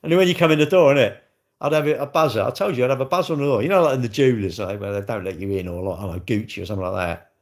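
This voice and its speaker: A man's voice: medium pitch, very fast. A man hosting a livestream, chatting casually and joking with viewers in a rambling way. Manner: rambling, jokey banter. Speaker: livestream host.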